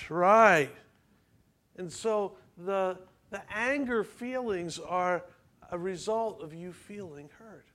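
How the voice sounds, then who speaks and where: A man's voice: high-pitched, sharp tone. A man preaching a sermon in a church, talking conversationally and asking the congregation questions. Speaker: pastor.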